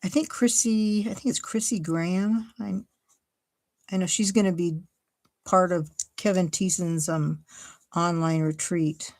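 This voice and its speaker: Chatty low-voiced woman crafting. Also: steady tone, a little slow, darkish tone. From Ohio, USA. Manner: chatty, thinks aloud while cutting and gluing. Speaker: card-making crafter, host. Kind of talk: casual crafting livestream chat.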